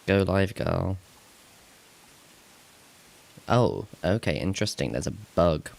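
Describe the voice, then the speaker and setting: A man's voice: low voice, lively intonation, moderate pace, vocal fry. A man live-streaming casually, rambling to himself as he fixes tech problems and laughing at himself. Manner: rambling, talks to himself while fixing tech; laughs at himself, self-mocking.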